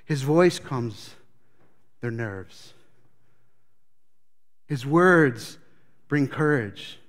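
A man's voice: medium pitch, lively intonation, very slow. A man preaching a sermon as pastor, telling the story with animation and acting out scenes.

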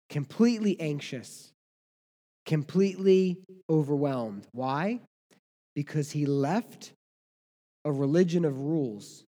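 Male pastor, animated sermon delivery with soft hushed drops, slightly high voice, long hall reverb. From United States. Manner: animated preaching, swings from loud to hushed.

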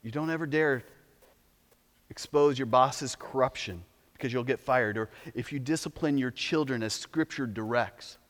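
A man preaching a sermon as pastor, animated, sometimes mocking the voices of opponents. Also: mid-range voice, moderate pace, big-room sound.

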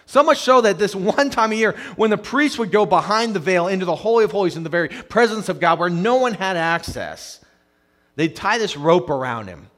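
A male pastor preaching a conversational sermon, swinging from loud emphatic stretches to hushed, quiet ones, and often repeating words as he starts a phrase. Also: high-pitched, lively intonation, fairly quick.

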